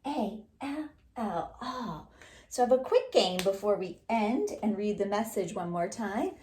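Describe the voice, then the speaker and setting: A woman's voice: mid-range voice, animated, warm tone, slight background noise. A woman teaching young children a writing lesson, asking questions and praising their answers. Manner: encouraging, asks questions and praises; reads slowly and clearly aloud. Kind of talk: early-grade writing lesson.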